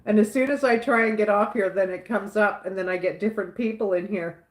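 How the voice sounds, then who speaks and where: A woman's voice: mid-range voice, fairly quick, roomy sound. A woman hosting a livestream, chatting casually and reading out viewer comments, laughing often and repeating little catchphrases. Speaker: livestream host.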